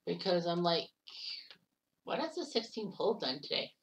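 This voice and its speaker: A woman casually calling the shots in a golf video game, chatty and quick to blurt out exclamations. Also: lowish voice, sing-song. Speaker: game commentator. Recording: distant mic with loud background noise.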